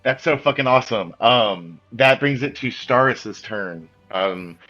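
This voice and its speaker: A man narrating as game master of a tabletop game, casual and halting, with many fillers. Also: mid-range voice, lively intonation, sharp tone. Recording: dull lo-fi sound with faint music.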